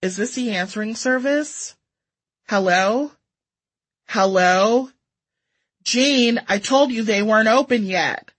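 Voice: medium pitch, slow, pauses often, fairly bright tone, pitched above the performer's own voice. A narrator voicing a confused caller leaving a voicemail. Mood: puzzled. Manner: puzzled, repeating itself.

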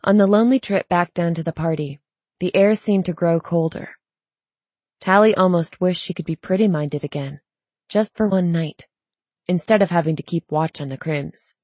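A woman narrating a novel in a calm, measured, quiet way. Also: lowish voice, dry recording. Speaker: audiobook narrator. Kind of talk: scripted narration.

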